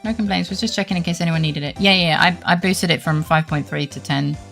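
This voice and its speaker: A woman's voice: lowish voice, fast talker, creaky, a bit bright, soft background music. A woman streamer in a casual gaming livestream, rambling and self-deprecating, with mumbled asides.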